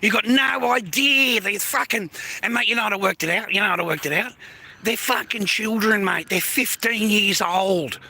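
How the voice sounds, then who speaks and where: A man's voice: high voice, moderate pace, vocal fry, bright, forceful tone. A man ranting on a live stream, blunt and full of swearing. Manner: angry, heavy swearing, blunt. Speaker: livestreamer. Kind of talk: profane live-stream rant.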